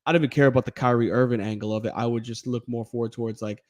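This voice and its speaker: A man's voice: medium pitch, fast talker, hardly any pauses, darkish tone. A man co-hosting a sports podcast, talking casually and animatedly with laughs and playful mock voices. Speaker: podcast co-host.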